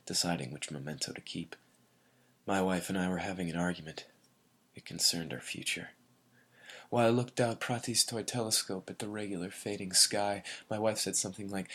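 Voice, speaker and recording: A man reading a first-person literary story in a measured way, often sinking to a breathy near-whisper. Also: sits low, a bit bright. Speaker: narrator.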